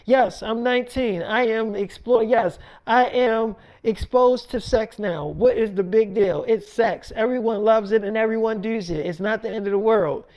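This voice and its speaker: A woman's voice: on the high side, normal speed, few pauses, darkish tone, lightly acted. A man voicing a defiant nineteen-year-old girl who talks back to her mother. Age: teens.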